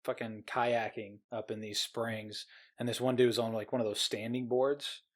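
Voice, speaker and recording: A man's voice: mid-range voice, little pitch movement, moderate pace. Guy on a book podcast, swears a bunch, tells little stories, regular mid voice. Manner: blunt, profane, storytelling asides. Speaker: podcast co-host. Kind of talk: casual book discussion.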